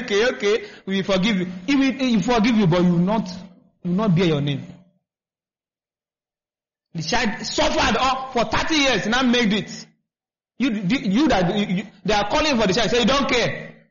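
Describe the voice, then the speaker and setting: A man's voice: high voice, a bit bright. A man preaching a sermon, repeating himself and asking the congregation to finish his lines. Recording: dull lo-fi recording.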